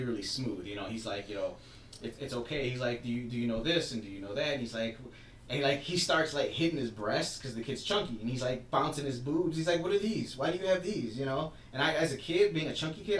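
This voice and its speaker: A man co-hosting a casual podcast, retelling a story with animated energy and acting out the lines he quotes. His voice sits in a roomy space, a little away from the mic. Faint ambience hums behind him. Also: medium pitch, fast, recorded from a distance, slight background noise. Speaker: podcast co-host. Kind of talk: casual wrestling chat.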